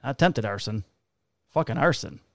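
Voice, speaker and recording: A man's voice: mid-range voice, moderate pace, dry recording. A man, a police officer, telling a rowdy work story in casual chat, swearing freely and acting out the people he quotes. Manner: profane, animated, acts out voices in quotes.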